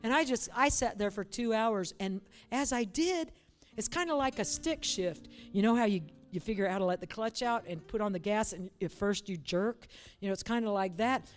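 A woman's voice: medium pitch, animated, moderate pace, faint music behind. A woman preacher leading a church service, urging and coaxing the congregation in a fervent, repetitive way. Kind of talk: sermon with altar call.

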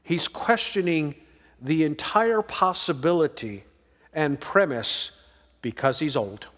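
A man's voice: fairly high pitch, expressive, slow, fairly bright tone, big-room sound. A man preaching a sermon as pastor, folksy and emphatic, drawing out the verses he reads.

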